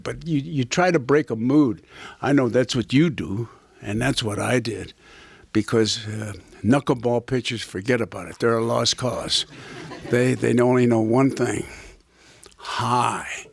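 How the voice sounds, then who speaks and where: A man's voice: mid-range voice, measured pace, creaky. An older man, a former catcher and broadcaster, telling rambling baseball anecdotes with punchlines to a small audience. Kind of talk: casual storytelling to a small audience.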